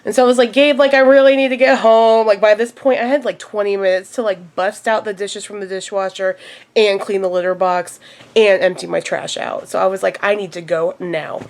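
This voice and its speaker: A woman's voice: mid-range voice, steady tone, fairly quick, a little mellow. A young woman in her twenties telling stories to camera in a casual vlog, laughing often and quoting people in a raised voice. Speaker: vlogger.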